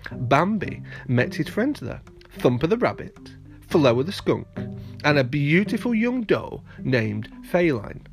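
A man reading a storybook tale aloud in an engaging, expressive way. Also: mid-range voice. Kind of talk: storybook narration.

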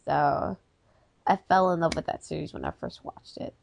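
Bubbly excitable woman co-host. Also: sits low, moderate pace, gravelly, slight background noise. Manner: bubbly, excitable, chatty with many fillers. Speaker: podcast co-host. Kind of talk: casual chat.

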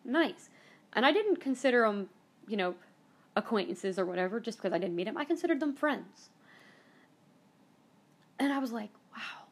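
A woman's voice: medium pitch, lively intonation, a little fast, slightly rough. A woman hosting her own podcast, telling a personal story with strong emotion, often repeating herself and trailing off. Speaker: podcast host.

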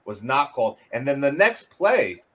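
A man's voice: mid-range voice, sing-song, moderate pace, a bit bright. Guy hosting sports breakdown, plain mid voice, says and-and-and a lot, cusses. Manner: explaining plays, repeats words, swears. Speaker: host.

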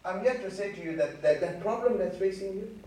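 A man's voice: high-pitched, fairly quick, mellow, slight background noise. Male preacher, earnest, stammering restarts, distant mic, big reverberant hall. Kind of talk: sermon. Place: church hall. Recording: echoey hall from far off.

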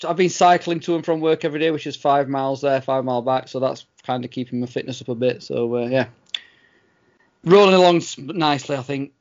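A man's voice: mid-range voice, brisk, lo-fi sound. A man co-hosting a casual podcast, laid-back and modest, often chuckling. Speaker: podcast co-host.

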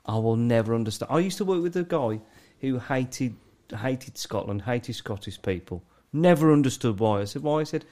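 A man's voice: mid-range voice, lively intonation, normal speed, hardly any pauses, warm tone. Exasperated stammering man on a podcast. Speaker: podcast co-host. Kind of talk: casual banter.

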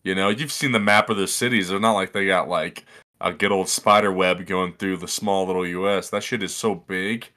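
A man's voice: low-pitched, fairly even intonation, normal speed, pushed and bright. A young man co-hosting a podcast, crude and joking, laughing often. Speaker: podcast co-host. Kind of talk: casual chat.

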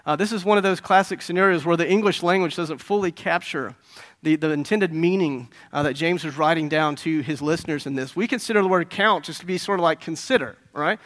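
A middle-aged man preaching a sermon in an earnest, conversational way, often checking in with the congregation and rising into louder, higher emphasis. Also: brisk. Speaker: pastor.

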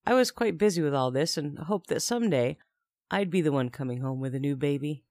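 A woman's voice: low voice, animated, fairly quick, darkish tone, no room sound, clean studio sound. A young woman narrating a first-person story in a chatty tone with wry asides.

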